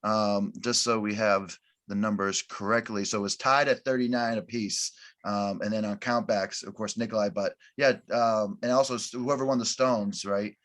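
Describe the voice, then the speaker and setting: A man's voice: on the low side, steady tone, moderate pace, hardly any pauses, a bit bright. A man co-hosting a podcast who asks the guest questions in casual chat, rambling and restarting as he goes. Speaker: podcast co-host.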